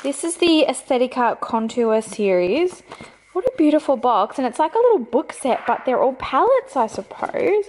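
Young Australian female vlogger, high-pitched, gushing, quick to laugh. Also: slight background noise. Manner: gushing, excitable, laughs often. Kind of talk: casual vlog chat to camera. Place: car, then home.

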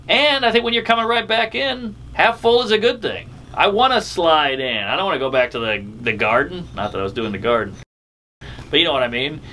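A male stand-up comedian chatting casually to the camera backstage and in a hotel room, rambling and joking and quick to get excited. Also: fairly high pitch, slight background noise.

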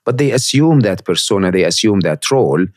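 A man's voice: lowish voice, animated, a little fast, a little mellow, no echo, studio quality. A man hosting a podcast conversation, thoughtful and speaking with frequent restarts. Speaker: podcast host. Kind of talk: casual conversation.

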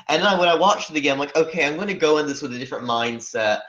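A man's voice: fairly high pitch, expressive, rapid-fire, hardly any pauses, a bit bright. A man co-hosting a podcast in casual chat, rambling and hedging as he talks. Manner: rambling, with many fillers and hedges. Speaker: podcast co-host. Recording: muffled lo-fi podcast audio.

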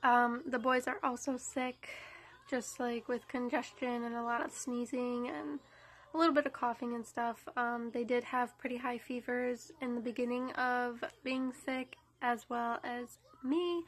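A woman's voice: sits high, fairly bright tone. A young woman with a congested, stuffy-nosed voice, chatting casually to the camera at home about her day as a mom. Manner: chatty, rambling. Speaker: mom vlogger. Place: at home indoors.

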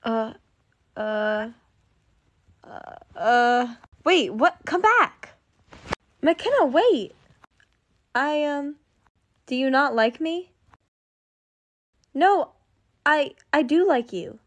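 Young woman, high voice, voicing every role of a dramatic teen cartoon story. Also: very slow, pauses often. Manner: dramatic teen dialogue, excitable. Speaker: voice-over storyteller. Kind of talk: acted cartoon story voicing all roles.

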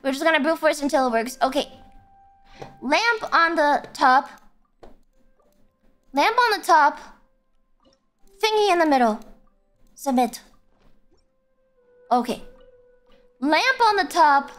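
A young woman livestreamer chatting casually while gaming, rambling and repeating herself, blunt but quick to apologize. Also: high-pitched, animated, a bit bright, faint music behind. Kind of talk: casual game stream chat.

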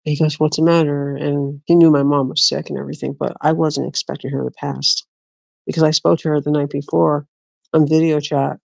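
A man's voice: fairly high pitch, level tone, brisk, vocal fry, darkish tone, no room sound. A man telling personal stories in a rambling, casual way, with restarts and laughter. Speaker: vlogger. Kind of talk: casual storytelling. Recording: dull lo-fi dry recording.

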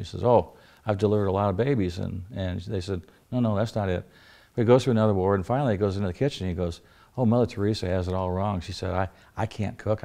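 Gravelly, low-voiced older man spinning yarns. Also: a little mellow. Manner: folksy, wry, chuckles through his punchlines. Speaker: interview guest. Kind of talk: anecdotal storytelling.

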